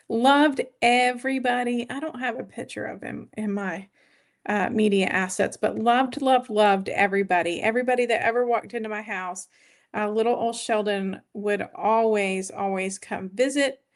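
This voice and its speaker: Chatty higher-voiced woman vlogger. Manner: chatty and rambling, greeting and thanking viewers. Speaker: weight-loss vlogger hosting a live stream. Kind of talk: casual live-stream chat. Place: at home.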